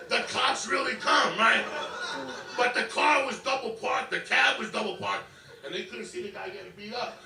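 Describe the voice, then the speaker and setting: A man telling a profane comedic story, brash and animated, swearing constantly, in an echoey clip heard from a distance. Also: sits high, moderate pace, creaky, music in the background. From New York. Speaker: stand-up comedian. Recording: echoey clip picked up from afar.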